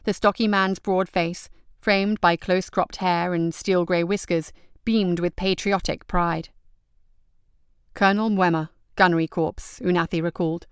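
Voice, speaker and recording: A woman reading a fantasy story as scripted narration, measured and even. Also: on the low side, smooth, dry recording, clean studio sound. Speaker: audiobook reader.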